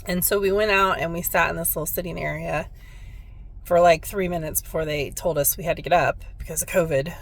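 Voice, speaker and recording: A woman's voice: lowish voice, steady tone, fairly quick. A woman who works as a spiritual medium, telling a personal story in a heartfelt, reflective way on her vlog.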